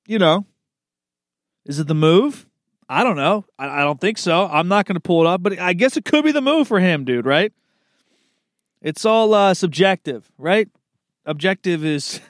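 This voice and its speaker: A man's voice: a little high, no room sound, clean studio sound. A man in a casual, rambling monologue, laid-back and swearing freely, often calling the listener man or dude. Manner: chuckles at his own slips.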